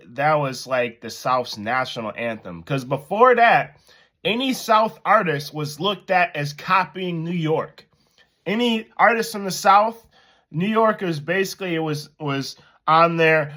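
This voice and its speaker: A man casually commenting and telling a story to his viewers, animated and laughing at himself. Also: a little high, a little slow. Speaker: host commentator.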